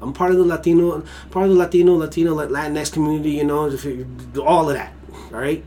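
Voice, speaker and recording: A man's voice: a little high, fairly even intonation, fast, mellow, faint music behind. Profane, heated male podcast host. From Mexican heritage. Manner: heated, profane, emphatic ranting. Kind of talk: casual conversational podcast.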